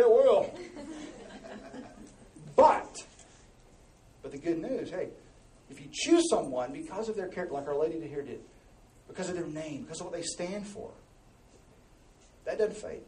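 A man preaching a sermon to a congregation, animated and joking, his voice rising and dropping as he reads and explains scripture. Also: on the high side, brisk, pauses often, slight background noise. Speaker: pastor. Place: large church hall. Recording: echoey hall, mic at a distance.

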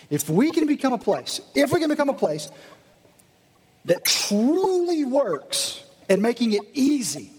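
A man preaching to his congregation in a lively, animated way, often acting out the voices of his listeners. His voice sits high and a little husky. The sound has a long reverb from a large gym used as a church hall. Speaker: pastor. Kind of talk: sermon. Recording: echoey hall.

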